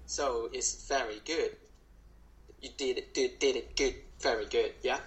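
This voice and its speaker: Slow, patient male language tutor. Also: mid-range voice, steady tone, low-quality recording. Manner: slow, careful, repeats each phrase. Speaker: Cantonese tutor. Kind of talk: language lesson.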